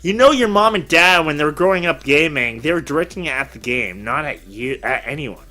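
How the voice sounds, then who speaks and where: A man's voice: fairly high pitch, lively intonation, brisk, pushed and bright, soft background music. A man hosting a casual talk show, telling rambling stories with crude jokes. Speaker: podcast host. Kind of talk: casual chat.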